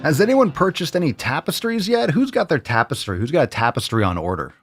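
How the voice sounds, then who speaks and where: A man's voice: on the high side, very animated, a little fast, music in the background. A man hosting a fitness talk show, ranting crudely and heatedly with sarcastic mimicry. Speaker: host. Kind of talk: profane ranting commentary.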